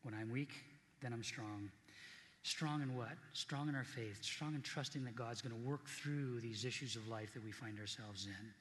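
A man's voice: medium pitch, normal speed, fairly bright tone, in a large hall, a little hiss or hum. A middle-aged man preaching a sermon as pastor, earnest and conversational, repeating key points for emphasis.

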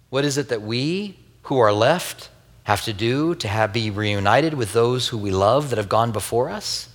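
Earnest pastor preaching in a reverberant hall. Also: male voice, mid-range voice, expressive, moderate pace. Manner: earnest storytelling with wry asides; grieving, tender and personal. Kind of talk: sermon.

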